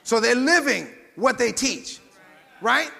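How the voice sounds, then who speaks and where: High, gravelly preacher man in a reverberant hall. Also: big pitch swings, slow pace. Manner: call-and-response preaching, often rising to shouts. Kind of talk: sermon.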